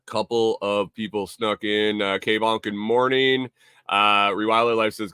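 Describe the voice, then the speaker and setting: A man's voice: fairly low pitch, expressive, takes it slowly, bright, forceful tone, smooth, no echo, clean studio sound. A man hosting a casual live stream, rambling and repeating himself, reading viewer comments aloud. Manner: reads viewer chat aloud. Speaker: livestream host.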